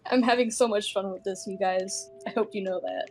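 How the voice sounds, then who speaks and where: A woman player in a casual tabletop role-play game, describing things in a relaxed way with lots of fillers and casual swearing. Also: mid-range voice, fairly quick.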